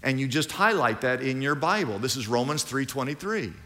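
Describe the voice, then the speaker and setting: Animated preacher in a reverberant hall. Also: male voice, medium pitch, brisk. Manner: animated preacher, acts out both sides of conversations. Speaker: pastor. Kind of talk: sermon.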